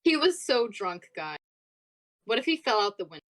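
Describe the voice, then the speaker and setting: A woman's voice: on the high side, very animated, normal speed, fairly bright tone. A woman playing a tabletop game with friends, laughing, swearing and narrating her character's moves. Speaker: player. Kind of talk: casual tabletop game play.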